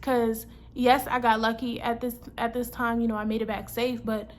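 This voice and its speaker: Young woman, casual storytime vlog, slangy, animated, acts out the dialogue, slightly high voice. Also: normal speed, slight background noise. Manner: chatty, animated, slangy, quotes herself and others in the story. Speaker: vlogger.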